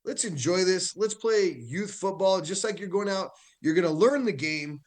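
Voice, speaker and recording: Man, football coach, chatty storyteller, laughs a lot, voice sits a bit high. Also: normal speed. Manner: animated storytelling, laughs often. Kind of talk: casual chat.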